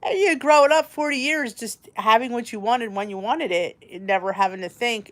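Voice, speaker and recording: A woman's voice: fairly high pitch, fairly quick, hardly any pauses, a bit bright. A woman in her forties hosting a casual chat, talking in a rambling, candid way. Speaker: host.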